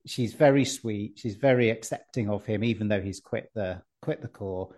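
A man's voice: lowish voice, lively intonation, moderate pace, hardly any pauses, darkish tone. A man co-hosting a casual comics podcast, chatty and rambling, often ending with tag questions. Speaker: podcast co-host. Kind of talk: casual chat about comics.

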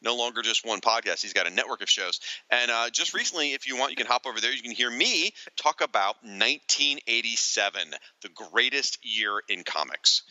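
Fast-talking wry middle-aged man. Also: medium pitch, lively intonation, pushed and bright, no room sound, muffled recording. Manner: chuckling, wry. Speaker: podcast co-host. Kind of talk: casual chat reading listener mail.

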